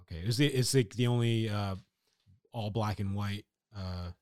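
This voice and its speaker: A man in casual chat who steers the talk to the next topic, often trailing off quietly. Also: fairly low pitch, moderate pace, dry recording, studio quality.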